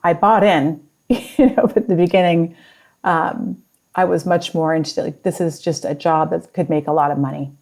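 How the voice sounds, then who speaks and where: A woman's voice: fairly low pitch, fairly even intonation, moderate pace, creaky, darkish tone. A woman in her fifties, a guest on a conversational show, telling a story and acting out the quoted lines. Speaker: guest, business partner. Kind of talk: casual conversation.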